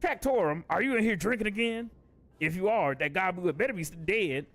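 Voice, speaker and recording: A man's voice: high-pitched, lively intonation, normal speed, fairly bright tone, pitched above the performer's own voice. A man voicing a stern, suspicious older male chief who scolds a drinker. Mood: scolding.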